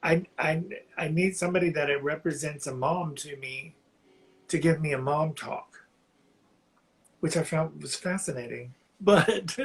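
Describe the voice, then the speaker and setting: A man calling in to a live reading, sharing something painful in a halting, heartfelt way while close to tears. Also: a little high, creaky, poor audio. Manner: halting, heartfelt, slow, often restarting phrases. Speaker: caller on a live psychic reading. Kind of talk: emotional personal sharing.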